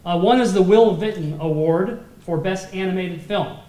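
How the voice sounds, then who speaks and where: A man's voice: high-pitched, moderate pace, dark tone, echoey room. A man emceeing a film festival awards dinner, presenting the prizes with light jokes and easy laughs. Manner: light joking, laughs between lines. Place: dinner event hall.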